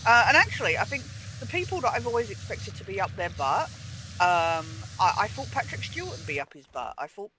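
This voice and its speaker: Animated voice telling rambling stories. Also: mid-range voice, brisk, background noise. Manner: rambling storyteller with many fillers and restarts, animated. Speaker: co-host. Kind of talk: casual chat while gaming.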